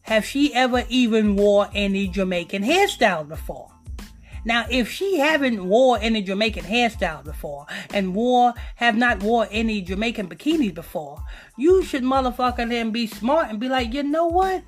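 A woman's voice: on the high side, expressive, moderate pace, faint music behind. A woman hosting a podcast, ranting in a profane, rambling, preachy way. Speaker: podcast host. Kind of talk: casual podcast rant.

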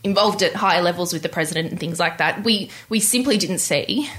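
Candid woman, lowish voice. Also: fairly bright tone. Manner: candid, halting with restarts. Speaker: interview guest. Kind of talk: personal storytelling interview.

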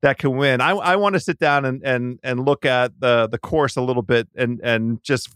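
A man's voice: mid-range voice, normal speed, fairly bright tone, smooth, no echo. Podcast guest, male, talkative and rambling, clean resonant voice, dry close sound. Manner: rambling, many restarts mid-sentence. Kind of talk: casual sports chat. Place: Washington DC.

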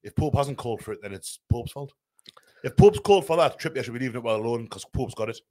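A man's voice: mid-range voice, animated, fast talker, dark tone. A man, a podcast panelist in casual football chat, arguing his point step by step. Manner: argumentative, talks through the logic step by step.

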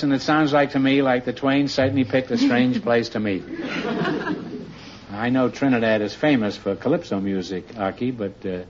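A man's voice: mid-range voice, crowd noise. Wisecracking man hosting a quiz show. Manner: quick joking teasing delivery. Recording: dull old broadcast recording with hiss.

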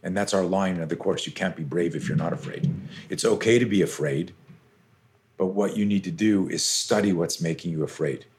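A man's voice: low-pitched, steady tone, brisk, hardly any pauses, darkish tone. A middle-aged man, a self-defense coach, telling stories intensely and animatedly as a podcast guest, with casual swearing. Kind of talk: podcast interview storytelling.

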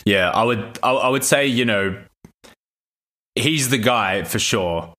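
A man's voice: mid-range voice, slow, pushed and bright. A man co-hosting a podcast, talking in a laid-back way full of fillers. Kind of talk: casual analytical chat.

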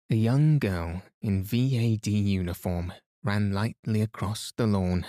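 A man narrating a novel as a calm bedtime reading. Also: on the low side, dry recording, clean studio sound. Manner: soft, soothing, unhurried. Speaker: audiobook narrator.

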